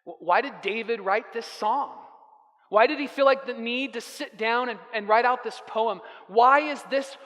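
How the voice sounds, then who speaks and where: A man's voice: extremely high pitch, moderate pace, fairly bright tone. A man in his thirties preaching a sermon, telling family stories and acting out the dialogue. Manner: storytelling with acted-out dialogue. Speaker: pastor. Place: church sanctuary. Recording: echoey hall reverb.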